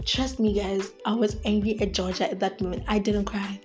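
A woman's voice: mid-range voice, steady tone, normal speed, a little mellow, soft background music. A woman hosting a podcast in a casual commentary monologue, emphatic and repeating her points while talking straight to her listeners. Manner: emphatic, repeats herself, addresses listeners as guys. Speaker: podcast host.

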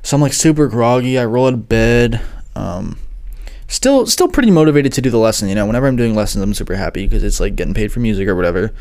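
A man's voice: mid-range voice, expressive, fast, a little mellow. A young man, a music producer who gives lessons online, tells a rambling, swear-heavy story full of fillers. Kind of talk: casual storytelling monologue.

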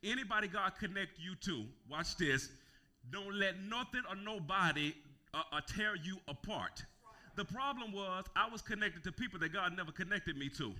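A male pastor preaching a sermon, calling for responses and repeating phrases as he builds to shouting. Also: high-pitched, animated, moderate pace. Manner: repeats words and restarts phrases.

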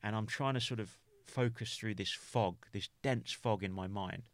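In a podcast interview, a UK man with a low voice works through a hard memory as a personal story. The recording is dry and close, with no room sound at all. His speech is halting, full of restarts, and he relies on "you know" while hunting for words.

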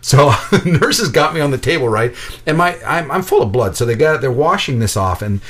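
A man telling a personal story in casual conversation, lively and animated, acting out the voices of the people in it, with frequent restarts. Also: medium pitch, moderate pace.

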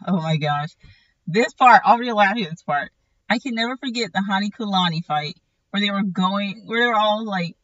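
A podcast host rambles through a casual solo chat, sounding bright and forceful. They keep catching and correcting themself mid-sentence. The dry, dull, lo-fi recording sits a little back from the mic. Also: medium pitch, dry recording, recorded from a distance.

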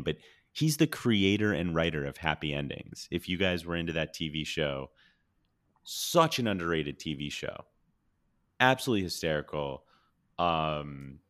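A man hosting a podcast, chatting casually and enthusiastically about a comedy film, rambling and often correcting himself mid-sentence. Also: sits low. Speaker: podcast host. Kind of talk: casual movie review chat.

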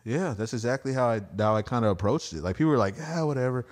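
With quick, lively delivery at medium pitch, a man on his own casual podcast tells meandering, profane stand-up tales, voicing the quotes as he tells them.

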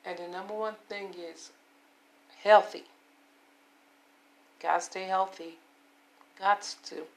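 Hoarse, gravelly woman in her fifties. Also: mid-range voice, fairly even intonation, takes it slowly. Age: 50s. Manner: rambling, repetitive, self-affirming. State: hoarse, voice giving out. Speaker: vlogger. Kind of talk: casual personal monologue.

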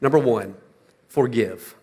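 An older man preaching a sermon, moving from quiet, low-key talk to loud, shouted emphasis. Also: takes it slowly, husky, long reverb tail. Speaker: pastor.

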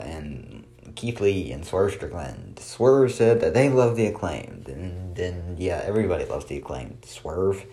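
Deep-voiced man, dry sarcastic recap. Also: darkish tone. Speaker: wrestling show reviewer. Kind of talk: casual solo recap.

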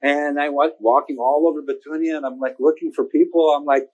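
Man telling stories in an animated way. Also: on the high side, brisk, highs cut off. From United States. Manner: animated, quotes others in lively voices, laughs often. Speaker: interview guest. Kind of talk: casual storytelling.

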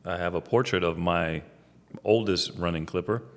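Very deep-voiced calm man. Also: moderate pace, long reverb tail. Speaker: barber, podcast co-host. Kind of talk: casual chat.

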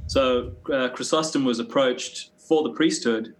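A man's voice: mid-range voice, unhurried, a little hiss or hum, poor audio. A man co-hosting a casual podcast, adding short bits of background in a plain conversational way. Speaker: podcast co-host. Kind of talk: casual theological chat.

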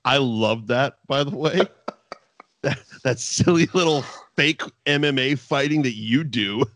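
A man's voice: medium pitch, a little slow, no echo, clean studio sound. A man casually recapping an old wrestling show with a co-host, swearing freely and laughing often. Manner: profane, animated, laughs often. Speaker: podcast co-host.

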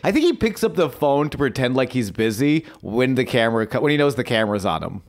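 Podcast guy recapping wrestling, voice swings all over, swears a lot, super animated. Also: mid-range voice, quick pace. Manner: animated storyteller, swears casually. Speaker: podcast co-host. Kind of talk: casual chat and match recap.

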